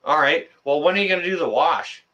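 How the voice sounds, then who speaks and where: A man's voice: a little high, a little fast, bright, forceful tone, lo-fi sound. A man hosting a casual live-stream chat, joking and teasing his guest. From Canada. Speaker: channel host.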